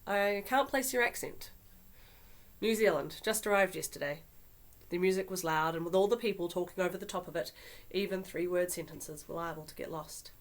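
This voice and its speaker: Woman author narrating her novel, low-ish voice. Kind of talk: audiobook narration.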